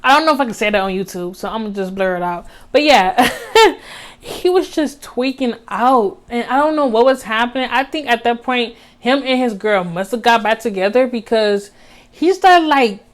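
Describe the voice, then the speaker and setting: A woman's voice: a little high, expressive, moderate pace. Chatty young woman vlogger. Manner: chatty, heavy use of "like" and slang, addresses viewers as y'all. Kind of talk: casual storytime monologue.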